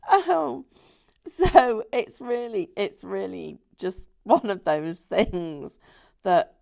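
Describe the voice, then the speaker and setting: A woman's voice: medium pitch, lively intonation, slow, creaky, mellow. A woman hosting a live shopping show from a TV studio, chatting in a rambling way and laughing often.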